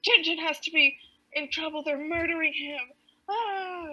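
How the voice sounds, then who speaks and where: Woman doing a panicky old sea captain, yelling, bright voice. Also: extremely high pitch, normal speed, pitched above the performer's own voice, full character voice, rough recording. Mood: panicked.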